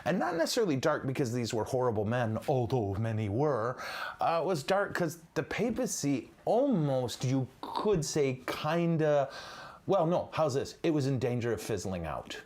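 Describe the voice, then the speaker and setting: Man, priest, livestream teaching, lively pitch, jokey, rambling asides. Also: normal speed. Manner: joking, chatty and digressive. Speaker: priest teaching church history.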